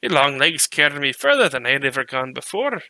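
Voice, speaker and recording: In an in-character tabletop session, a player voices Poro, a cheeky male mutant reindeer with a put-on Scottish-style brogue, spinning a rambling, boastful tall tale. His mid-range voice is bright and forceful, fairly quick, and heavily acted with big pitch swings, chatty and folksy, with no echo.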